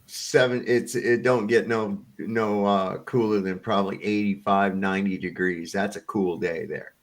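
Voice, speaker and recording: A man's voice: on the low side, steady tone, moderate pace. Laid-back man telling stories. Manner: loose, profane, laughs while telling stories. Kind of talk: casual chat, storytelling.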